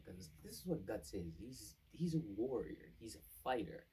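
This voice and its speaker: A man's voice: fairly low pitch, very animated, moderate pace, few pauses, dark tone, far from the mic, slight background noise, rough recording. A man casually recapping an anime plot as a reviewer, rambling and acting out the characters' lines. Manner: rambling, with many fillers and restarts, acting out quotes.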